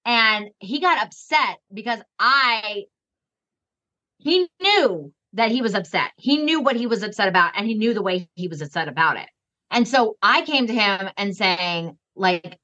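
A woman's voice: medium pitch, expressive, bright, forceful tone. A woman guest on a podcast, chatting and quoting herself in casual conversation. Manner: chatty, quick to agree, quotes herself.

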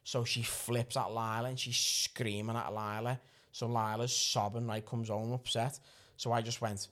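A man tells a rowdy story on a podcast. His voice is bright and forceful. He gets animated, and he swings between calm recounting, loud shouting and laughter. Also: medium pitch, moderate pace. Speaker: podcast host.

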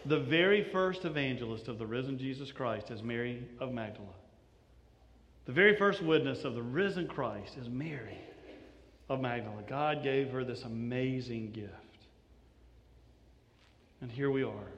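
A man preaching a sermon in a church, telling the story in an animated way with many restarts. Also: medium pitch, moderate pace, long pauses, lo-fi sound, a little hiss or hum. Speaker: pastor. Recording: reverberant church hall.

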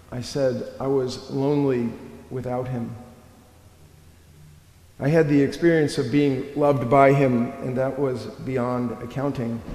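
Slow, reflective man preaching in a church. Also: mid-range voice, dark tone. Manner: slow, reflective storytelling with long pauses. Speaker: pastor. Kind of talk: sermon. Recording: echoey church hall.

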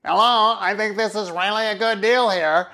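A man's voice: high voice, moderate pace, pushed and bright, voice pushed up. A man voicing a nasal, self-satisfied old male professor who drones on. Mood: smug. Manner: smug, droning.

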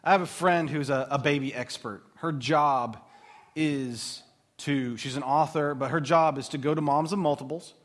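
Man in his 30s, faith talk, rambling self-mocking storyteller, slightly high voice. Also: normal speed. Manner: warm, rambling storyteller who laughs at himself. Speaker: speaker at a Christian mothers' gathering. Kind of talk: faith talk told as personal stories.

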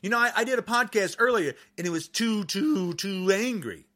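A man's voice: sits high, animated, moderate pace. A man delivering an angry political rant to camera, agitated and repeating insults as he talks. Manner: furious, repetitive, shouting insults. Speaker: podcaster.

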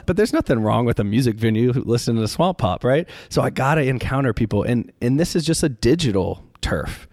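A man who is a priest talks easily in an interview, his pitch springing up whenever he voices someone in a story. His voice sits at a middling pitch, and the room sound is dry and close. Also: a little fast, no echo. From Louisiana. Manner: animated storyteller, jumps pitch for quoted voices. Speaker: Catholic priest, podcaster. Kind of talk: casual interview conversation.

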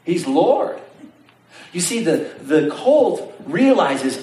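Male pastor, sermon, slightly high and expressive, roomy distant sound with faint ambience. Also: extremely slow. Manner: animated storytelling preacher, asks the congregation questions.

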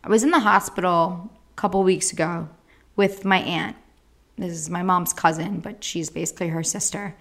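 A woman's voice: on the low side, normal speed, creaky. A young woman hosting a podcast, telling a personal story in a blunt, casual way with a lot of swearing. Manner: blunt, frequent swearing, animated retelling. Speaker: podcast host.

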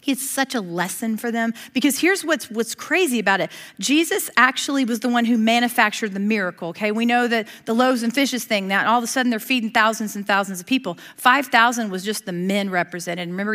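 A middle-aged woman preaches in an easy, conversational way and keeps her listeners close with asides and little laughs. Her voice sits a bit high for a woman. The delivery is animated and personal instead of formal. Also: fairly quick, hardly any pauses. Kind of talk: sermon.

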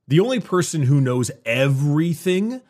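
A man's voice: on the high side, big pitch swings, normal speed, a little mellow. A man explaining game lore at length in a casual podcast conversation, with frequent restarts.

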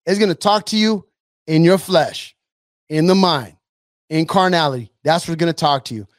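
A man's voice: a little high, moderate pace, dry recording. A man hosting a podcast, preaching in an emphatic, repetitive, conversational way. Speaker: podcast host.

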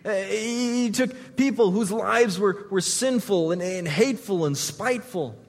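A man preaching a sermon as pastor, retelling scenes vividly and swinging from loud to hushed. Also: sits high, measured pace, long reverb tail.

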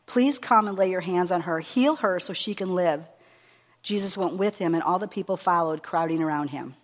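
A woman preacher giving a sermon with a long scripture reading, earnest and measured, stressing her words as she reads aloud. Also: on the low side. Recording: long reverb of a hall.

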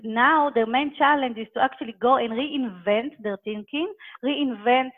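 A fairly high-voiced woman answers interview questions over a thin, phone-like call connection. She talks earnestly and hammers her points home by repeating phrases. The audio is narrow and tinny throughout. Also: normal speed. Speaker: guest expert on quality management.

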